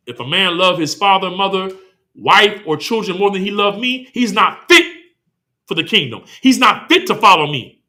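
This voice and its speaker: A man's voice: high voice, animated, normal speed, sharp tone. A man preaching a sermon, heated and full of rhetorical questions, reading scripture between points. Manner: impassioned, rhetorical questions, slips into quoted voices. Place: congregation hall.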